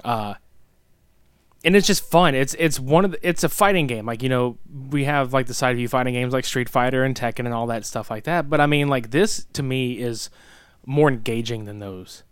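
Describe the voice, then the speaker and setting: A man's voice: mid-range voice, normal speed, clean tone, no echo, studio quality. A young man co-hosting a casual gaming podcast, laid-back and profane, laughing often. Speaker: podcast co-host.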